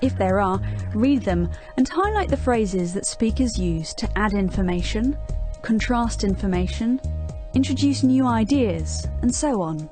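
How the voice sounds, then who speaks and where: A woman with a British accent reading out scripted tips for learners in a clear, instructive way. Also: a little high, animated, a little slow, mellow, faint music behind. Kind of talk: scripted educational narration.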